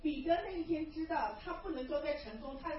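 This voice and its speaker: A woman interpreting a sermon live, rendering each phrase quickly after the preacher. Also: sits high, expressive. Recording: distant, echoey, dull hall sound.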